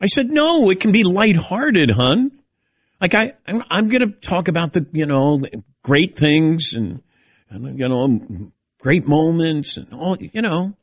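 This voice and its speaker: Animated middle-aged man hosting radio. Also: fairly high pitch, a little slow, dry recording. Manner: animated, self-deprecating, rambling. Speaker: radio show host. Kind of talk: casual call-in radio chat.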